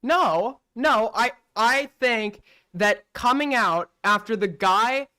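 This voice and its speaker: Blunt, bright-voiced male streamer. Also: very high voice, lively intonation, slow, smooth. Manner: blunt, profane, rhetorical questions. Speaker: streamer host taking call-ins. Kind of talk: casual livestream commentary.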